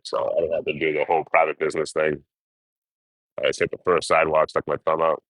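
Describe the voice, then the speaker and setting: A man with a very low voice tells road stories on a livestream, swearing freely and talking with animated energy. The sound is dry and close, with hardly any room echo. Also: quick pace. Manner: profane, animated storytelling. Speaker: hitchhiking livestreamer. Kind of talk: casual storytelling on a livestream.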